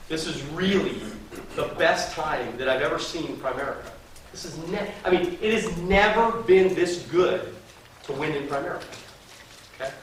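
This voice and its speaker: A man working as a sales trainer in a meeting room, giving a lively motivational seminar full of slang and call-and-response chants. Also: on the high side, normal speed. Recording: very echoey room from a distance, faint noise.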